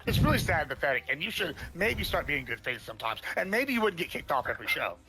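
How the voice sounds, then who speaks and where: A man's voice: a little high, big pitch swings, quick pace, pushed and bright. A man arguing combatively in a heated livestream debate, talking over others and repeating himself to hold the floor. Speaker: debate guest. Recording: clicking noise in background.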